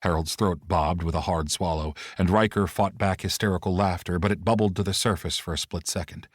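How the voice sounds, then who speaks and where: A male audiobook narrator with a low-pitched voice, reading in a steady, expressive storytelling manner. The recording is very dry and close, with no room sound. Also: a little fast, no echo.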